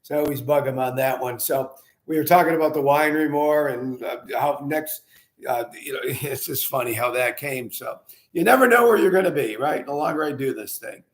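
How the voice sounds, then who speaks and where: Indoors at his winery, an older man who owns the place hosts his own wine show, telling casual stories and tasting wine in a rambling way full of fillers and restarts. His voice is slightly high for a man and brisk, and the room sounds roomy with a clear echo off the walls.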